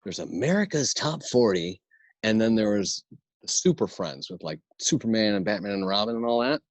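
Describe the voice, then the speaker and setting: A man's voice: lowish voice, a little fast, no room sound. A man who teaches improv, a podcast guest who laughs easily and tells rambling stories. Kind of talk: casual podcast chat.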